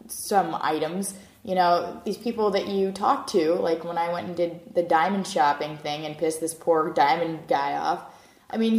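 Enthusiastic woman, lowish voice, echoey room. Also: darkish tone. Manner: gushing, enthusiastic. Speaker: contest winner, guest. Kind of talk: casual chat. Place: castle.

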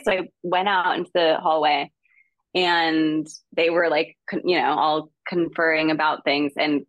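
A woman guest tells a story in a relaxed, chatty way, with lots of fillers and quick laughs. Her voice sits low, but it jumps up whenever she acts out someone she quotes. The sound is close and dry. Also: no echo. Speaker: guest actress. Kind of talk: casual storytelling in an interview.

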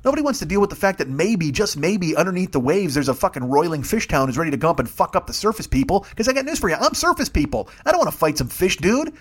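A man's voice: high voice, big pitch swings, fast, hardly any pauses, breathy edge. A middle-aged man riffing profanely in a casual comedy rant.

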